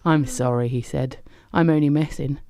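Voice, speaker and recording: A woman's voice: rumbling low, steady tone, normal speed, dark tone. A woman voicing an encouraging male friend who hiccups and teases. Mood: reassuring. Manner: coaxing, cheerful, teasing.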